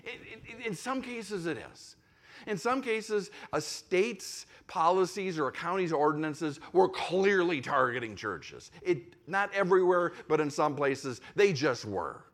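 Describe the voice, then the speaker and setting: A man's voice: fairly high pitch, lively intonation, unhurried, a bit bright. A male pastor preaching in a conversational way, repeating phrases for emphasis and acting out imagined objections. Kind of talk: sermon.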